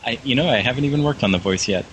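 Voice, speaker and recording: A man's voice: mid-range voice, racing, a bit bright, a little hiss or hum, rough recording. A man calling into a casual show, hesitant and self-deprecating, giggling between remarks. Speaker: caller. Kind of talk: casual call-in chat.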